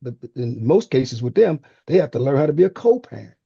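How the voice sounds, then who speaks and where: Man, radio panelist, dark husky voice, calm explanatory, muffled dull line. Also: mid-range voice, brisk, dry recording. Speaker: fatherhood class teacher on a radio panel. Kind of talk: casual radio panel talk.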